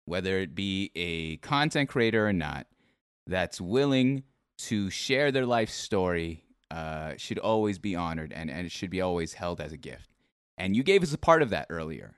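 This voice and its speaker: A man's voice: lowish voice, clear, resonant tone, no room sound, clean studio sound. A man in his twenties hosting a livestream interview, talking in an earnest, reassuring way. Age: 20s. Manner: earnest, reassuring, repeats "all right?". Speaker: interview host.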